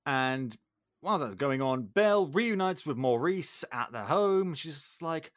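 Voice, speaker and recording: A man's voice: fairly high pitch, expressive, a little slow, dry recording, clean studio sound. A man hosting a casual podcast, animatedly retelling a film plot and acting out its characters. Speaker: podcast host.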